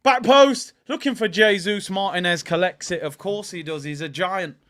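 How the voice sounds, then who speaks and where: A young man commentating live on a football match as a fan, excitable, using slang and shouting at the players. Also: sits high, moderate pace. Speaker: fan watchalong host.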